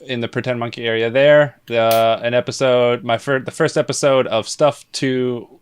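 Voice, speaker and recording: A man's voice: medium pitch, steady tone, moderate pace, slight background noise. A man co-hosting a podcast in casual chat, blunt and opinionated, swearing now and then. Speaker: podcast co-host.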